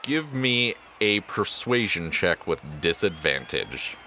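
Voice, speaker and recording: A man running a tabletop game as its game master, narrating the scene and calling for dice checks. His voice sits a little low but sounds bright and forward, and he often chuckles as he talks. Faint noise hums underneath. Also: big pitch swings, takes it slowly.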